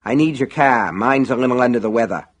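Narrator playing a rough man, flat and absent, mind elsewhere. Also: mid-range voice, fairly quick, close to an everyday voice. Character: brutish distracted grown man.

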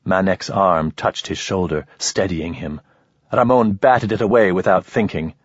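A man reading a novel aloud in steady, even scripted narration. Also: deep voice, a little slow, slightly rough, no room sound, highs cut off. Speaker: audiobook narrator.

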